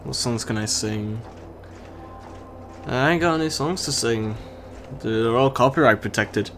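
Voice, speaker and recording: Speaking a little slowly in a fairly bright, mid-range voice, a young British gaming channel host rambles sarcastically while playing a game. A faint hiss or hum runs through the recording.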